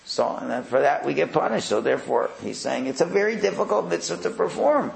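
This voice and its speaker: Guy teaching talmud class, kinda high gravelly voice, echoey room, restarts a lot, terms. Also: lively intonation, a little fast, slight background noise. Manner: conversational, repeats and restarts, mixes Hebrew and Aramaic terms.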